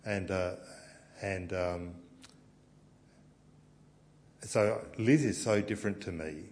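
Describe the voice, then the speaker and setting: Low-voiced Australian pastor preaching. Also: male voice, steady tone, slow, a little mellow, slight background noise. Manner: conversational and anecdotal, with frequent fillers and restarts. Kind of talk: sermon.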